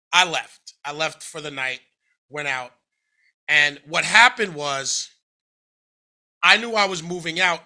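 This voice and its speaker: A man's voice: a little high, pushed and bright. A man, an interview guest from the United States, candidly recounting a personal story in a casual way, full of fillers, restarts and acted-out quotes. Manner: conversational, frequent fillers and self-corrections, acts out quoted speech.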